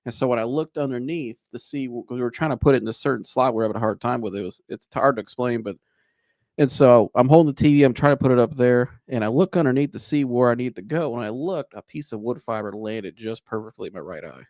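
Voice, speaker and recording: A man's voice: medium pitch, fast, darkish tone, dry recording, studio quality. A man hosting a podcast, telling a long rambling anecdote in a casual way, with restarts and laughter. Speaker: podcast host. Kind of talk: casual storytelling.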